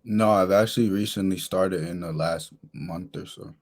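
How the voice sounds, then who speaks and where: A man's voice: low voice, normal speed, darkish tone. A man from Massachusetts calling in for advice, polite and a little unsure of himself. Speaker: caller asking for advice. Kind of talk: casual call.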